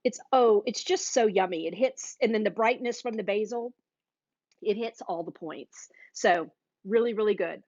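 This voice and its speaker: A chatty woman hosts a live cooking stream and gushes to her viewers as she tastes and talks. The sound is dry and a bit dull, like lo-fi stream audio. Her pitch sits in an ordinary middle range. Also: moderate pace, darkish tone, dry recording. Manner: chatty and gushing, addresses viewers directly. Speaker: cooking class host. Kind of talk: live cooking demo chat.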